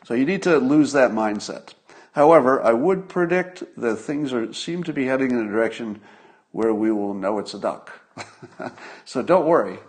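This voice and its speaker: An older man talks straight to his viewers in a solo commentary, his voice sitting at an ordinary middle pitch. He sounds conversational and a little musing, circling back over his points and throwing out rhetorical questions. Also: lively intonation, moderate pace. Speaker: host of a commentary stream.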